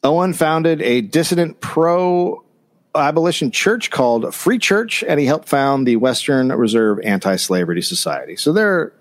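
A man reads history aloud in a casual comedic podcast. His pitch swings widely as he goes. He breaks off the text for dry, sarcastic commentary. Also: very animated, unhurried. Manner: reads notes, then riffs with dry sarcasm. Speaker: podcast co-host reading history.

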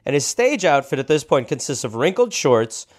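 A man's voice: on the high side, sing-song, moderate pace. A man hosting a comedy podcast, telling a history story casually with jokey asides. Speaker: podcast host.

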